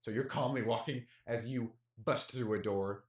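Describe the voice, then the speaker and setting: A man's voice: mid-range voice, moderate pace, roomy sound, a little hiss or hum. A man narrating as game master of a tabletop game in a casual, rambling way. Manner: casual, rambling, lots of fillers.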